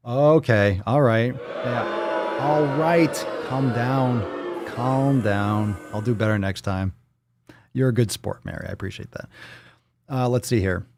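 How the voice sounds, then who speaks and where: A man hosting a fitness livestream. He talks casually, reacting to viewer posts with loud jokes, swearing and pep-talk coaching. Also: fairly low pitch, dry recording. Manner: loud, profane, joking, coaching.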